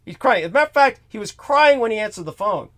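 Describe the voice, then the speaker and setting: A man's voice: sits high, animated, fast, fairly bright tone. A man hosting a talk show, telling a story in a profane, exasperated rant that swings between mutters and outbursts. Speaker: show host. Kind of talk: ranting storytelling monologue.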